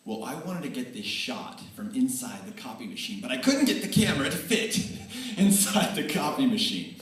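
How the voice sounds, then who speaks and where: A man giving a tribute speech at a banquet, telling energetic, animated stories that swing between excited and earnest. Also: mid-range voice, moderate pace. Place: large banquet hall. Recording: echoey hall, voice from far off.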